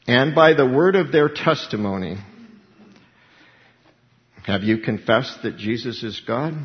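A man's voice: medium pitch, long reverb tail, lo-fi sound. A man preaching a sermon, emphatic, repeating key words and acting out little dialogues.

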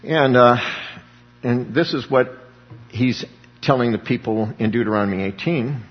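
A man's voice: medium pitch, measured pace, slightly rough. A man preaching a sermon in a conversational way, acting out the people he quotes. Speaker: pastor. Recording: dull lo-fi sound with long hall reverb.

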